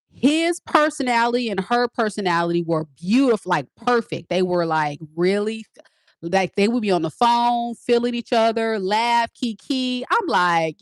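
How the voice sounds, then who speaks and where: A woman, a teacher and tarot reader, casually telling her viewers a story in an animated, emphatic way, repeating lines for effect. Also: fairly high pitch, unhurried, dry recording, studio quality. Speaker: tarot reader and spiritual advisor.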